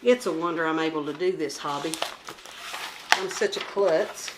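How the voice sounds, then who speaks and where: A woman's voice: sits low, normal speed, heavy background noise. A woman chatting casually as she shows her craft kit, rambling and joking about herself. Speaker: crafting vlogger. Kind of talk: casual show-and-tell chat.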